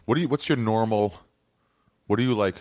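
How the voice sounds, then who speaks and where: A man's voice: fairly low pitch, brisk, darkish tone, no echo, studio quality. A man hosting a casual podcast, asking blunt, crude questions. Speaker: podcast host.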